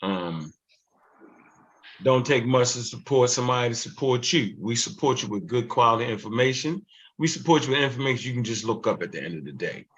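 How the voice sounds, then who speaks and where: A man's voice: medium pitch, animated, brisk, fairly bright tone, breathy edge. A man hosting a livestream show in a loose, casual way, tagging "man" onto his phrases. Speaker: show host. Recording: muffled lo-fi audio.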